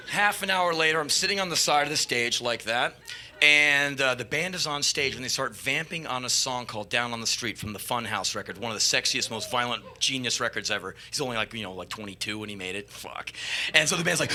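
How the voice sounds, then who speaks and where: A man telling a live spoken-word story on stage into a stage microphone, animated and swearing, jumping to shouts at the peaks. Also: medium pitch, a little fast.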